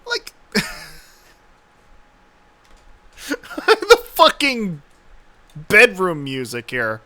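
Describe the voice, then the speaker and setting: Slow, laughing, profane streamer. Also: male voice, high-pitched, huge pitch swings, bright, forceful tone. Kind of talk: live watch-along commentary. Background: cartoon soundtrack.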